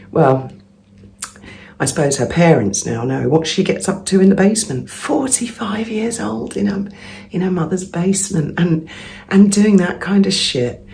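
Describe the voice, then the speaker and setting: A woman's voice: low-pitched, vocal fry, warm tone, a little hiss or hum. A woman vlogger telling a gossipy story in a chatty monologue at home, laughing often. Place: at home early in the morning.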